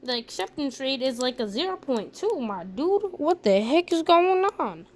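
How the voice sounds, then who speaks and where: A woman's voice: high voice, sing-song, normal speed. A woman voicing a teenage classmate gossiping in awed slang.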